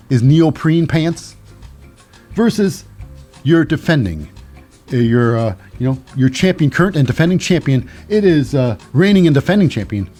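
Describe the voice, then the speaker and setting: A man's voice: medium pitch, a little mellow. A man hosting a solo podcast, recapping in a rambling, wry way with many restarts. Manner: rambling, restarts, dry asides. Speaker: podcast host.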